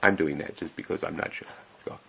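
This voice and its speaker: A man's voice: a bass voice, fairly quick, creaky, fairly bright tone, a little hiss or hum, rough recording. A man talking in a rambling, meandering way, often breaking off mid-sentence and chuckling as he goes. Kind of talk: rambling casual monologue.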